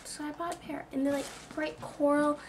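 A woman's voice: high-pitched, flat delivery, brisk, background noise. A young woman chatting casually in a clothing haul video, full of "like" and self-mocking asides. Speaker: vlogger.

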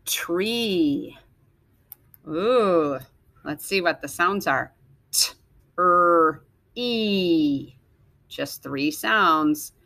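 A woman teacher slowly sounding out letters and words for young children in a phonics lesson. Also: deep voice, vocal fry, pushed and bright, no echo. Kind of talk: early-reading phonics lesson.

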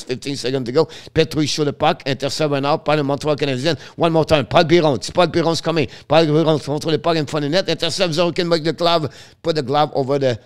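A man calling live hockey play-by-play in halting English, breaking off to chat with viewers. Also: mid-range voice, smooth. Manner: halting non-native English, rapid call of the action; chats with viewers between plays.

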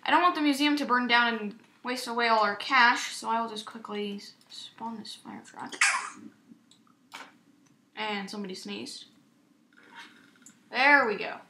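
A young woman giving casual, excitable gameplay commentary as a YouTuber, chatty and self-mocking. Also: a little high, moderate pace. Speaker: gaming YouTuber. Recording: echoey room with faint noise.

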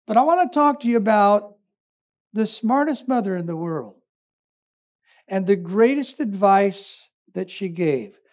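A man's voice: very high voice, a little mellow. A man, a pastor, preaching a sermon with humorous storytelling and emphatic repetition.

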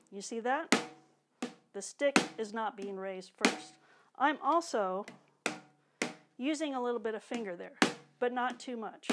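A woman's voice: fairly high pitch, very noisy. A woman drum teacher patiently explaining a technique, now and then vocalizing drum strokes. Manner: clear, patient explaining with spoken drum sounds. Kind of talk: instructional demonstration. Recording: loud drumming behind the voice. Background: drums.

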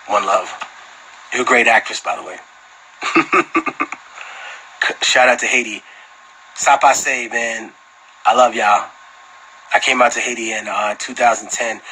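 A man tells swearing, animated stories and answers fans on a phone live stream, often laughing. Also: medium pitch, normal speed, long pauses, husky, low-quality recording. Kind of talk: casual storytelling chat.

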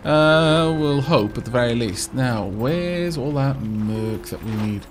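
Brief: man, let's play host, casual self-deprecating commentary, animated delivery, soft music bed. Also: medium pitch, takes it slowly. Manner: chatty, self-mocking, stammers on restarts.

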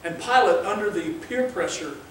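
A man's voice: sits high, animated, moderate pace, a bit bright, slight background noise. A male pastor preaching a sermon in an earnest, conversational way, weaving in scripture readings. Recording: very echoey room, mic far off.

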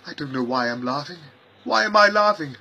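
A man playing an eccentric, chuckling gentleman time traveller who rambles and mutters to himself in a fan-made audio parody. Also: on the high side, expressive, a little fast, vocal fry, highs cut off, exaggerated voice.

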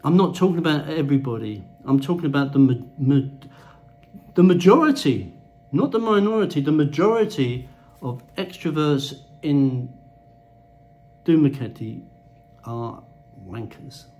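A man's voice: on the high side, animated, normal speed, darkish tone, low-quality recording. A man delivering a blunt, crude ranting monologue to camera as a vlogger. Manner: blunt, crude, swears freely.

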